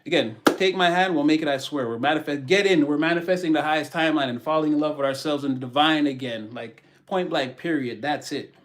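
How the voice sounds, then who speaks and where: A man's voice: on the high side, a little fast, hardly any pauses. A man reading tarot on a live stream, chatting casually, preaching motivation and greeting his viewers by name.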